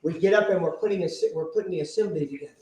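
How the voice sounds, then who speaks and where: A man telling his recovery story to a live audience, animated and sometimes shouting. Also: high-pitched, rapid-fire. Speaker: speaker sharing a recovery story. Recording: very echoey room, faint noise.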